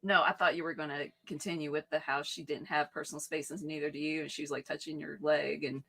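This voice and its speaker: A woman's voice: low-pitched, little pitch movement, quick pace, creaky, a bit bright. A woman co-hosting a casual live-stream chat, chatty and teasing. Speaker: co-host.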